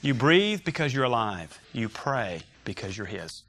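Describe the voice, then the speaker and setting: A man's voice: mid-range voice, very animated, unhurried, fairly bright tone. A man teaching a Sunday school Bible class, emphatic and joking with his students as they discuss scripture.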